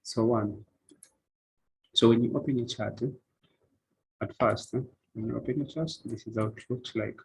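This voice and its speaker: A man's voice: mid-range voice, steady tone, moderate pace, vocal fry, pauses often, darkish tone, slightly rough, rough recording. A man explaining a trading platform step by step in a screen-recorded tutorial, with repetitive phrasing and "eh" fillers. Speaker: forex trading instructor.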